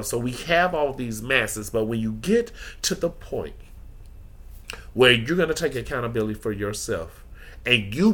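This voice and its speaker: A man on his podcast talks with sincere emotional openness about his feelings, sounding almost like a preacher. His mid-range voice is a bit bright.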